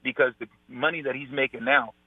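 A man's voice: medium pitch, steady tone, a little fast, no echo. Emphatic man on a tinny phone line. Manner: emphatic, repeats "I tell you". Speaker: guest, former pro football player. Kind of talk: phone-in sports radio interview.

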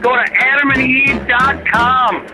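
A man's voice: extremely high pitch, fairly even intonation, measured pace, poor audio. A man voicing a crude, boastful trucker reading a phoned-in ad, with music behind. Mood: lewd, boastful. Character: crude middle-aged male trucker pitchman. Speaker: caller.

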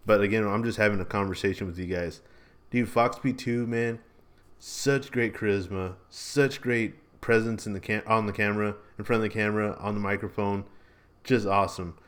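A man's voice: fairly low pitch, steady tone, moderate pace. A man hosting a casual podcast, talking in a rambling, laid-back way and tacking "man" and "bro" onto his lines. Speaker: podcast host.

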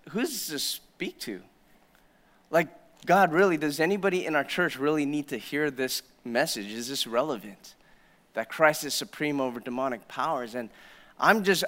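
A male pastor preaching a sermon in a church, telling a story and swinging between hushed, low passages and loud, emphatic proclamation. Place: church sanctuary.

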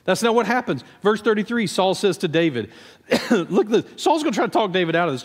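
Pastor, male, fairly high voice; conversational, animated sermon delivery; long church reverb. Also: fairly quick. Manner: conversational, animated storytelling with acted asides. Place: church sanctuary.

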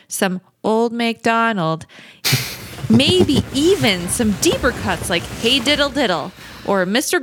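A playful woman co-hosting a casual podcast, giggling often as she reads out a listener's letter. Her voice sits fairly high and moves lively, up and down. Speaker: podcast co-host.

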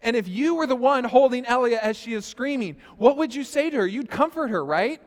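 High-voiced pastor in a reverberant hall. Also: male voice, animated, fairly quick. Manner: storytelling with quoted asides, rising and falling loudness. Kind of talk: sermon. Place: church sanctuary.

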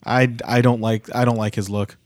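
A man's voice: on the low side, level tone, normal speed, dry recording. A man co-hosting a casual podcast, blunt and swearing freely with joking asides. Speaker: podcast co-host. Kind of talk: casual chat.

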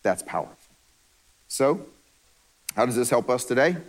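A man preaching a sermon, animated and joking, who drops low and quiet for emphasis. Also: moderate pace. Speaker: pastor.

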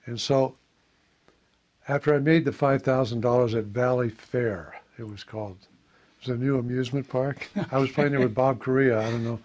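Older male jazz musician, from Iowa, medium voice, anecdotal and animated, does little voices for the people he quotes. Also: mid-range voice, moderate pace. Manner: animated storyteller, acts out quoted voices, laughs often. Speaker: jazz saxophonist guest. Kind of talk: casual anecdotal storytelling.

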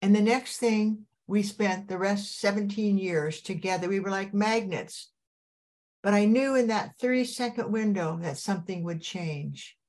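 A woman's voice: mid-range voice, unhurried, a little mellow. Effusive older woman podcast host. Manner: effusive, gushing, preachy. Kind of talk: enthusiastic interview chat. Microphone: video call.

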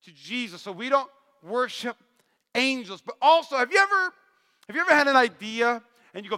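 A male pastor preaching a sermon, animated and joking, acting out Bible characters' lines. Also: very high voice, fairly quick. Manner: animated, acts out voices of Bible figures, jokey asides. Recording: long hall reverb.

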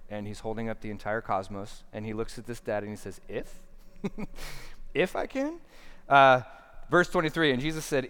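A man in his thirties preaches with earnest conviction. His voice is smooth and resonant, and it carries a long reverb from a large hall. He drops to a near hush, then swells to emphatic points. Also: medium pitch. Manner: earnest, swings between hushed and emphatic. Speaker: pastor. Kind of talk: sermon.

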